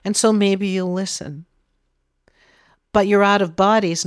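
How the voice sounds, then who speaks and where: A woman spiritual medium leading a guided meditation in a gentle, soothing way. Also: mid-range voice, fairly even intonation, unhurried, long pauses, clean tone, no room sound, studio quality.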